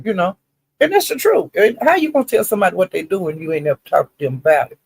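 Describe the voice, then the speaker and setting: A man's voice: high voice, expressive, fast talker, gravelly, slightly rough, dry recording. A man telling gossip casually and with animation, full of profanity, often calling out "honey" and "child.". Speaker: commentator recapping online live-stream drama.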